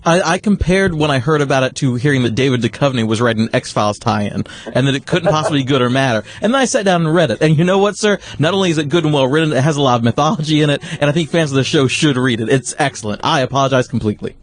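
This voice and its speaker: A man's voice: mid-range voice, animated, quick pace, hardly any pauses. A man contributing to a radio talk show, talking emphatically as he offers an apology. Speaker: comic book contributor. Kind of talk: casual radio chat.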